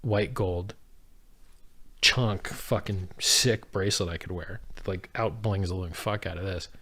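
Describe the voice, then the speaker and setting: A man with a very low voice hosts a casual livestream and answers chat questions. He talks in a blunt, profane, offhand way. The close, dry sound comes from a studio dynamic mic fitted with a foam pop filter. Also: unhurried, bright, forceful tone, husky.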